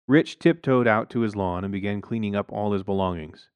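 A man's voice: fairly low pitch, brisk, clean tone, no echo. A man narrating a first-person story with wry, dry humor.

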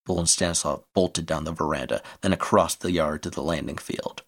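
Deep-voiced man narrating a story. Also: fairly even intonation, fairly quick. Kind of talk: scripted narration.

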